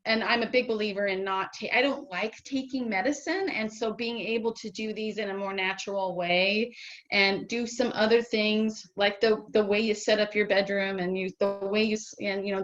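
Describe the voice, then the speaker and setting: A woman guest telling her own story in a casual interview, lively and enthusiastic, with many "um"s. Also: mid-range voice, normal speed. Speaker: patient guest. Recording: slightly dull lo-fi audio.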